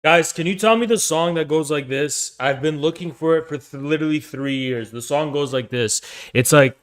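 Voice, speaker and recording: A man streaming casually, crude and profane, talking loudly and excitably. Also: on the high side, moderate pace. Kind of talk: casual livestream chat. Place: outdoors on a windy street.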